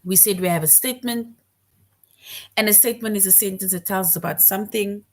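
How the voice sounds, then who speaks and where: A woman's voice: mid-range voice, a little fast. A woman teaching a grammar lesson to young children, patient and repeating her points, often checking in with "right?".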